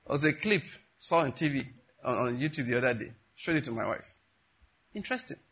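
Speaking fairly quickly in a medium-pitched, slightly rough voice, a male pastor preaches. His sermon stories are animated, and he voices the people he quotes.

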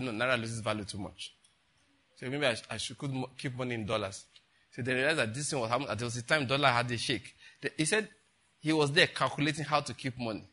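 Older pastor, bright and husky; conversational sermon with many asides. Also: male voice, medium pitch. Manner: conversational preaching with rhetorical questions and asides.

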